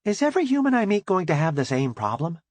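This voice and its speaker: An earnest, puzzled young alien woman asks polite questions, voiced by a male audiobook narrator. She is pitched up above his usual voice. The sound is dry and close. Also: sing-song, quick pace, no room sound. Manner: earnest, curious.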